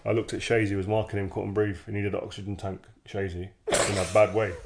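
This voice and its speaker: A man tells football stories in a casual chat, his voice sitting a little low. He gets animated as he talks and acts out the quoted dialogue. He laughs easily along the way. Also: fast talker, hardly any pauses, background noise. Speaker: former footballer guest.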